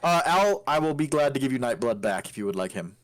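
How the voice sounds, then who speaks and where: A man's voice: mid-range voice, sing-song, fast talker, dry recording. A man playing a tabletop game, chatting casually, hesitant and swearing now and then. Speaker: player.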